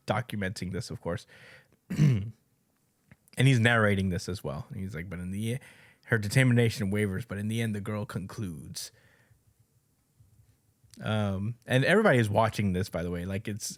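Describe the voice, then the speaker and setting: A man's voice: on the low side, no echo, clean studio sound. A man co-hosting a podcast, casually recapping a manga chapter with lots of fillers and quoted lines. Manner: conversational, many fillers, reads out character lines.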